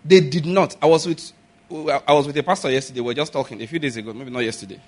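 A man preaching a sermon, telling stories and acting out the people in them with sudden shouts. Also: mid-range voice, fast. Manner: storytelling, acts out quoted voices with sudden shouts. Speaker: pastor.

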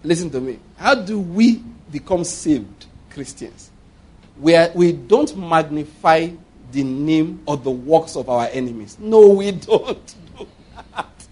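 A Nigerian man preaching a sermon as a pastor, lively, with frequent laughter and mocking asides. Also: a little high, takes it slowly, slightly rough.

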